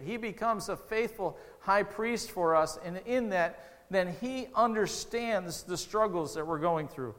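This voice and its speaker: A man's voice: on the high side, long reverb tail. A man preaching a sermon as pastor, earnest and conversational, with restarts and rising emotional peaks.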